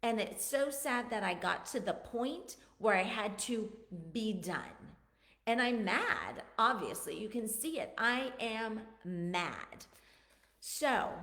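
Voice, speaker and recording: A woman's voice: mid-range voice, gravelly, a bit bright, echoey room. A woman talking earnestly and emotionally to her viewers about her own struggles, often repeating words for emphasis. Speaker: vlogger. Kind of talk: personal confessional talk to camera.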